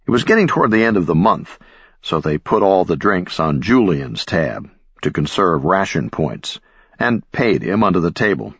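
A man narrating an audiobook in a measured, expressive storytelling manner. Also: deep voice, slightly rough, dry recording, dull audio. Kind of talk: scripted narration.

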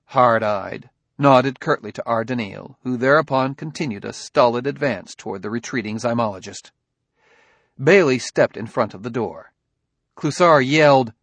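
A man's voice: mid-range voice, a bit bright, no echo. Male audiobook narrator, dry and close. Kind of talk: scripted narration.

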